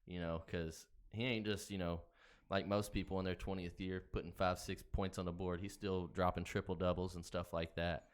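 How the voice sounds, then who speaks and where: Man, podcast co-host, lowish smooth voice, excitable cheering. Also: normal speed, few pauses. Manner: excitable, cheers loudly at races. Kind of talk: casual chat.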